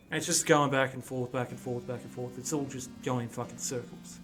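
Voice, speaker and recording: A man casually telling a story while playing a game, acting out both sides of arguments in a lively way. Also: mid-range voice, brisk, few pauses, faint music behind. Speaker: gaming channel host. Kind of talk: casual storytelling over gameplay.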